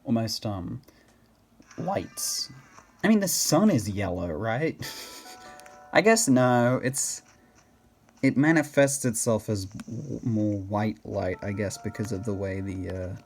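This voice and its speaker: A man's voice: on the low side, expressive, takes it slowly, pauses often, darkish tone, faint music behind. An Australian man chatting casually over gameplay, rambling and self-correcting with laughs. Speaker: gaming video host.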